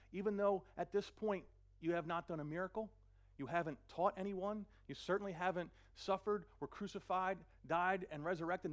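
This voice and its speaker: A man preaching a sermon, earnest, often repeating a word as he gathers his thoughts. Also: high-pitched. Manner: earnest, repeats words while searching, slows for scripture. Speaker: pastor.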